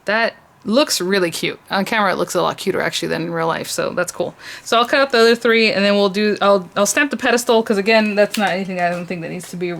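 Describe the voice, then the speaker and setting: A woman's voice: medium pitch, fast, creaky, hardly any pauses, a bit bright. A woman hosting a casual crafting tutorial, thinking aloud with frequent restarts and little laughs as she works at her desk. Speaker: crafting channel host.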